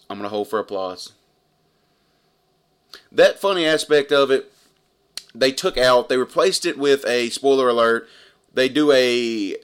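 A man's voice: mid-range voice, a bit bright, smooth. A man in his thirties giving a casual movie review vlog, earnest and rambling, often repeating his points.

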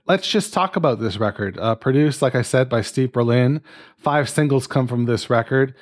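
A man hosts a casual podcast chat, upbeat and joking as he steers his friends along. His voice sits at a middle pitch. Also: normal speed. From Canada. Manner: upbeat, joking, loosely scripted. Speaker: podcast host.

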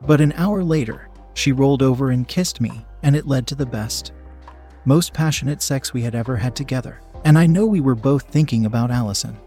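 A man narrating a first-person story in a steady, frank way. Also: mid-range voice, brisk, slightly rough, soft background music.

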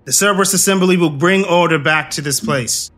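A man doing a booming confident mage. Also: brisk, fairly bright tone, faint music behind, natural voice. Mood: commanding.

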